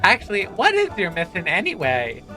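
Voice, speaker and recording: A woman's voice: fairly low pitch, wildly swooping pitch, a little fast, sharp tone, soft background music, full character voice. A woman streamer voicing a mouse faunus girl from a video game in a ditzy valley-girl drawl full of "like" fillers. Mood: starstruck chatter.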